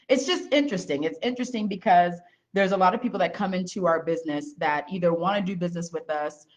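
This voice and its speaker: Blunt low-voiced woman, dull lo-fi sound. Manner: blunt, lively storyteller. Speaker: small business owner. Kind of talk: casual on-camera chat with her husband.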